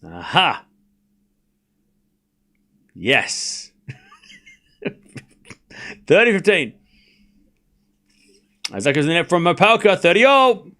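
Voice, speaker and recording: A man hosting a live stream, calling tennis points with excitable play-by-play and chatting casually with his viewers. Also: a little high, slow, pauses often. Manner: excitable play-by-play mixed with laid-back banter to chat. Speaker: stream host doing live tennis commentary.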